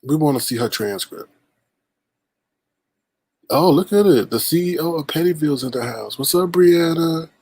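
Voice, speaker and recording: A man's voice: on the high side, lively intonation, normal speed, pauses often, darkish tone, slightly rough. A man hosting a casual livestream, greeting viewers by name and teasing them in sing-song asides. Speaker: livestream host.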